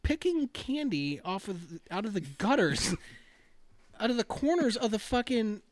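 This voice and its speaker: Man, co-host, excitable profane banter, animated pitch, outdoor night chat. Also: unhurried, no room sound. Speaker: podcast co-host. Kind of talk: casual chat.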